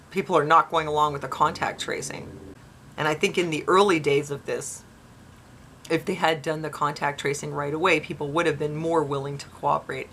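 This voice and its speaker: A woman's voice: low voice, fairly bright tone, slight background noise. A woman vlogger giving casual commentary as she reads news aloud, with skeptical, sarcastic asides and quotes read in mocking voices.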